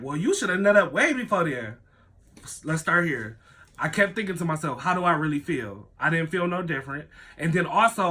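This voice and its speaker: A man telling a story to camera in casual storytime style, animated and swearing freely. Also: high-pitched. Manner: animated, swears often, acts out quoted voices.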